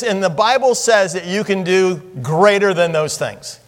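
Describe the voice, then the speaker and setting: A man with a slightly higher voice preaches a sermon, teaching in an easy conversational way and putting questions to his listeners. His voice rings out with a long reverb, as in a big hall. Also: a little slow. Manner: conversational teaching, quizzing the congregation.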